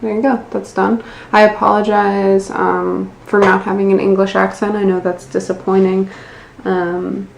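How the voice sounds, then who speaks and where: A woman's voice: medium pitch, little pitch movement, moderate pace, vocal fry. An American woman in her twenties narrating a casual nail art tutorial, self-deprecating and swearing casually. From United States. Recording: echoey room, faint background noise.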